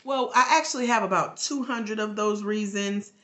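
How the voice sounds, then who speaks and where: Sleepy Southern woman, bright voice. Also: medium pitch, moderate pace. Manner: drawling, laughing, chatty. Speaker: life coach. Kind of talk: casual live stream talk.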